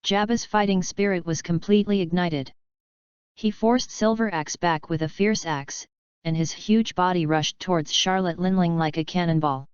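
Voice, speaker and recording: A woman narrating an action story in a steady, even storytelling manner. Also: lowish voice, moderate pace, clear, resonant tone, no room sound. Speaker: audiobook narrator. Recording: dry, slightly dull lo-fi sound.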